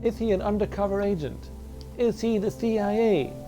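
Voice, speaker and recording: A man's voice: sits high, moderate pace, mellow, faint music behind. A man casually commenting on a game he plays, joking and chatting with his viewers. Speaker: gaming streamer. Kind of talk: casual let's play commentary.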